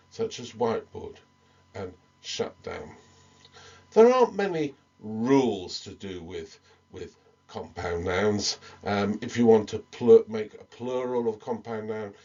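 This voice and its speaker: Slow, hesitant male English teacher. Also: on the low side, warm tone, muffled recording. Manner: slow, hesitant, many ums and restarts. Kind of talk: recorded English lesson.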